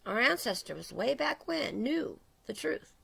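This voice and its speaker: A woman's voice: high voice, big pitch swings, unhurried, gravelly, a bit bright, husky. A middle-aged woman preaching an impassioned religious sermon, urgent and repetitive, building in intensity.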